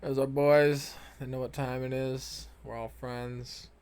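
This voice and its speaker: A man's voice: mid-range voice, flat delivery, measured pace, darkish tone, clear, resonant tone. A young man who rambles and swears a lot, talking casually over gameplay footage and trailing off often. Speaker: gaming vlogger.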